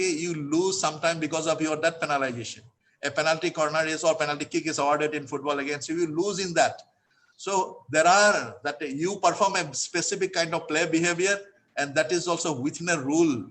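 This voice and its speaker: A man with an Indian English accent delivers a formal academic lecture. His voice sits a little higher than most men's, and he explains points earnestly and at length, like an invited speaker addressing colleagues. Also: fairly bright tone.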